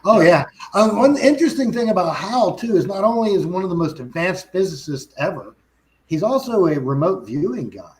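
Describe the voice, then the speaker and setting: A man's voice: sits high, sing-song, a little fast, a little mellow, low-quality recording. A man as a guest in casual chat, rambling, with frequent restarts and self-corrections.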